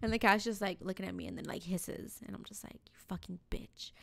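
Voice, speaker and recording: Woman podcaster with a gravelly edge, high-ish voice, dry close mic, tells stories loud and swears a lot. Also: fast talker, no room sound. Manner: animated storytelling, swears freely, laughs often. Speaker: podcast co-host. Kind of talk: casual chat.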